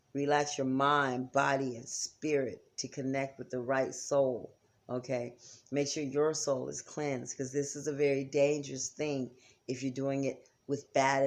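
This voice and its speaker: A woman's voice: extremely low pitch, a little mellow. A woman giving a chatty, casual lesson on spiritual practice, often checking in with her listeners. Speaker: psychic teacher. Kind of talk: casual instructional talk.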